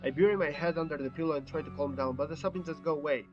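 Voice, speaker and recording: A man's voice: fairly high pitch, rapid-fire, highs cut off, over music. A man reading a text game aloud as a YouTube gamer, with occasional stumbles and self-corrections.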